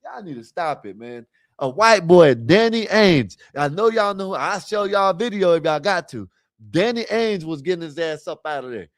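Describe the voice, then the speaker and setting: A man's voice: a little high, animated, normal speed, dry recording, studio quality. A man hosting a livestream, rambling casually and talking straight to his viewers. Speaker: livestream host.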